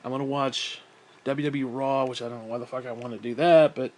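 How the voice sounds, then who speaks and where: A man's voice: mid-range voice, steady tone, a little fast, a little mellow. Winded man telling a profane story. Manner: profane, rambling, self-talk asides. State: out of breath. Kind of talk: casual storytelling monologue.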